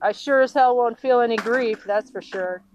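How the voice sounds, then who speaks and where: A woman from the United States in an angry, profane political rant, indignant and halting, with many restarts. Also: fairly high pitch, a little mellow, slight background noise, rough recording.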